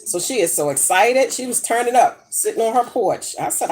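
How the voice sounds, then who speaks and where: A woman's voice: fairly high pitch, lively intonation, normal speed, a little mellow, a little hiss or hum. A middle-aged woman chatting casually while she cooks in her home kitchen, brash and profane as she tells gossipy stories. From United States. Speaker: vlogger. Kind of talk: casual chat while cooking.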